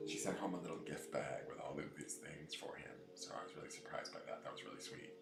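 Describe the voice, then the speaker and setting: Over loud music and in a room full of echo, he talks quickly while hosting his tarot stream. Between casual chat and replies to viewers he names, he slips into a high baby voice to coo at his new cat.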